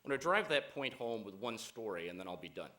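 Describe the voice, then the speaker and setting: A man giving a keynote speech to a conference audience, measured and deliberate, with frequent "uh" fillers. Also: on the low side, lively intonation, sharp tone. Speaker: keynote speaker.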